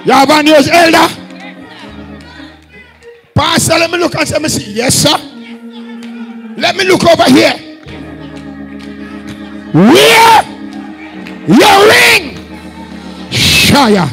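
A Jamaican man leading a fiery Pentecostal service, shouting repeated calls to the congregation. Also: extremely high pitch, sing-song, takes it slowly, gravelly, pauses often, faint music behind, some chatter behind, poor audio. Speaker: apostle leading a church service. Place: church hall during a live service.

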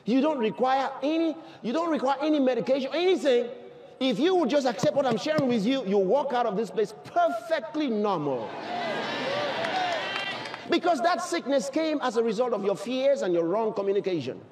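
A man preaching a sermon to a live congregation, fervent and emphatic, often shouting and firing rhetorical questions at the crowd. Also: very high voice, lively intonation, normal speed, noisy background. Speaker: pastor.

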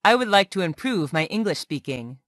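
A woman reading everyday English phrases aloud one by one as a tutor, in a slow, clear and expressive way. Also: fairly low pitch, no echo, studio quality.

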